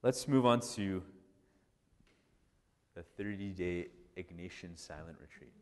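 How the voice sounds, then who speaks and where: A man, a priest, giving a casual, animated storytelling talk full of restarts and "like". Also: low-pitched, a little slow, a little hiss or hum. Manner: animated, conversational, many restarts and "like". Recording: long hall reverb.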